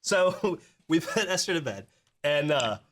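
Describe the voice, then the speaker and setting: A man's voice: on the high side, unhurried. A man hosting a podcast, telling an anecdote in casual chat and acting out the back-and-forth of the people in it. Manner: animated storyteller acting out quoted exchanges. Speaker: podcast host.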